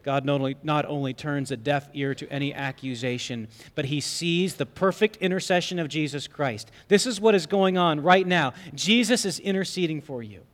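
A male pastor preaching a sermon with emphatic rhetorical questions, swinging between loud and soft. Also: fairly high pitch, moderate pace, few pauses. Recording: long hall reverb.

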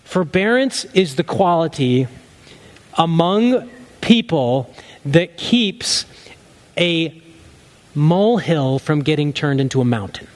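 A man with a notably high voice preaching a sermon. He speaks earnestly, building to emphatic peaks and then falling to low, quiet lines. The delivery is that of a pastor addressing his congregation. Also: expressive, takes it slowly, long pauses.

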